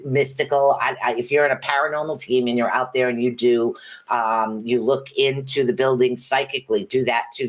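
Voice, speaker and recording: A woman's voice: a bass voice, a bit bright. A woman hosting a livestream of tarot readings. She talks in a chatty, rambling, upbeat way, with many fillers and restarts. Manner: upbeat and encouraging.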